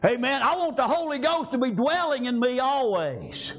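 A man preaching a sermon, shouting out emphatic lines and punctuating them with frequent amens. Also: very high-pitched, big pitch swings, normal speed.

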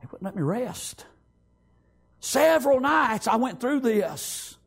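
High, raspy preacher man. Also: big pitch swings, slow. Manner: fervent, swings from shouting to hushed, repeats phrases. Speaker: preacher giving testimony. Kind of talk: sermon testimony.

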